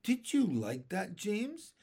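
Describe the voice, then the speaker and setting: A man's voice: high voice, huge pitch swings, slow, mellow, slightly rough, voice pushed up, exaggerated voice. A man voicing a kindly old green grasshopper who explains things proudly, in a storybook reading. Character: old green male grasshopper, gentle and wise.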